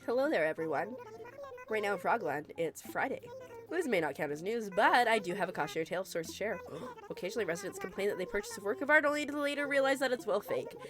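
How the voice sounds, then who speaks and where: A woman's voice: medium pitch, sing-song, fast, over music, close to an everyday voice. A woman reading as Isabelle, a cheerful dog assistant. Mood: announcing.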